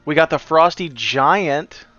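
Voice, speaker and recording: A man's voice: on the high side, expressive, slow, muffled recording, crowd noise. Chatty man streaming a game. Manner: chatty, joking, reads on-screen lines aloud. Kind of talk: casual game commentary.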